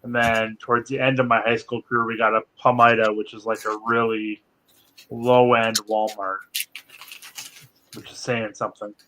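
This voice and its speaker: A man's voice: on the low side, level tone, normal speed, bright, forceful tone, a little hiss or hum, low-quality recording. A sleepy man co-hosting a casual live stream, joking dryly as he reminisces. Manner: dry and joking, tired. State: sleepy, yawning. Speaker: co-host. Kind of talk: casual chat.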